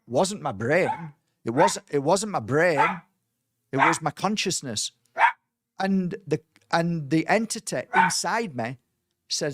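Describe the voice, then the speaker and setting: A middle-aged man, a spiritual healer telling a personal story in an animated way, with many fillers and restarts. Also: a little high, takes it slowly, very noisy.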